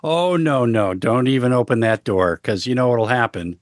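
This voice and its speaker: Halting, joking man with a dry voice. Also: mid-range voice, no room sound. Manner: halting, lots of fillers, deadpan jokes. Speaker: guest. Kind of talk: casual conversation.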